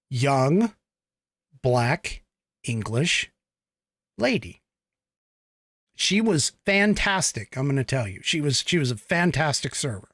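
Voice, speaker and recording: An American man hosts a podcast, launching into a blunt, emphatic political monologue laced with profanity. His voice is on the high side and a bit bright, recorded at studio quality with no echo.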